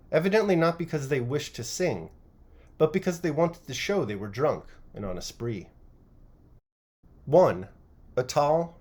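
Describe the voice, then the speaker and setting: Expressive male audiobook reader. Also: medium pitch. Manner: expressive, varied reading. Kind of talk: scripted narration of a classic novel.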